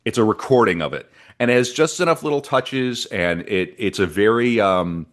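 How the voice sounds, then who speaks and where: A man's voice: on the low side, expressive, normal speed. A man co-hosting a history podcast, telling the story in a chatty, rambling way with asides and bits read from his notes. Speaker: podcast co-host presenting the history. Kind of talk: casual history podcast narration.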